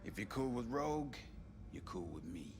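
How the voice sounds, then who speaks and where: An actor playing a seasoned male netrunner who speaks calmly and knowingly, heard through game audio. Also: mid-range voice, normal speed, big-room sound, slight background noise, lightly acted. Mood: laid-back. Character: seasoned male netrunner trading old tricks.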